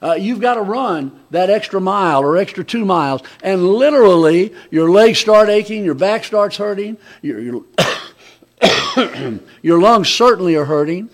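A man preaching a conversational sermon, often restarting his sentences and swinging between loud emphatic lines and quiet asides. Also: high voice, lively intonation, a little slow.

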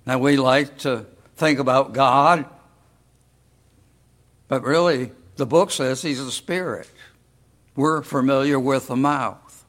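A man preaching a sermon as pastor, deliberate and full of rhetorical questions to the congregation. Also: mid-range voice, steady tone, fairly bright tone.

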